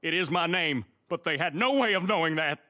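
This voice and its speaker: An actor playing an earnest, aggrieved middle-aged Irish-American man in an animated sitcom. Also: on the high side, fairly quick.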